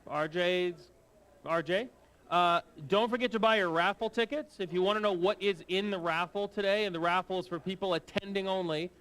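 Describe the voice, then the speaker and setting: A man's voice: high-pitched, normal speed, fairly bright tone, clean tone. A man hosting a convention, making announcements in a jokey, informal way. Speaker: show host. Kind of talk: event announcements. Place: convention hall.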